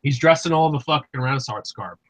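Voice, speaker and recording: A man's voice: mid-range voice, lively intonation, fairly quick, low-quality recording. A man casually telling rambling, profane stories on an online group call, acting out the dialogue. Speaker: host.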